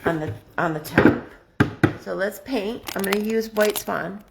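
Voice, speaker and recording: A chatty woman talks through her crafting on a live stream, excitable and thinking out loud. She speaks slowly, at an unhurried pace, and her voice sits in a medium pitch. A steady noise runs under the recording. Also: vocal fry, echoey room. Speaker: craft livestream host. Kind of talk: casual live craft demo.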